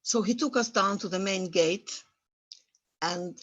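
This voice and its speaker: Elderly woman from former Yugoslavia, husky. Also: medium pitch, a little slow, highs cut off. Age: 80s. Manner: emotional, vivid storytelling with searching, non-native phrasing. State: stirred up by memories. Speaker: Holocaust survivor guest speaker. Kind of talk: personal testimony at an online talk.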